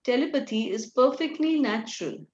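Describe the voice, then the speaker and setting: Woman reading knowing female mentor, even delivery, muffled roomy video call. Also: high-pitched, moderate pace, voice pushed up. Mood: calm, knowing. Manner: plain reading of dialogue. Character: wise woman guide, calm, knowing. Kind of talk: reading a novel aloud.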